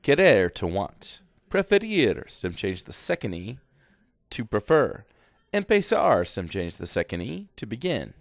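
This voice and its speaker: A man's voice: on the low side, sing-song, measured pace, vocal fry, dry recording, clean studio sound. A man teaching a grammar lesson slide by slide, speaking instructively and repeating directions to students. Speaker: Spanish teacher.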